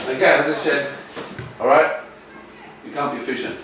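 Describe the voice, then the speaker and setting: Male coach giving an animated workshop talk, distant mic, echoey room with faint noise. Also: on the high side, moderate pace. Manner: lively, animated, addresses audience directly.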